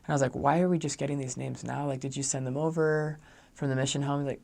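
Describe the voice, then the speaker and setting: A man's voice: medium pitch, steady tone, fast talker, gravelly, darkish tone. A young man, a former missionary, telling a personal story in a chatty way, full of fillers, who raises his voice when quoting himself speaking kindly.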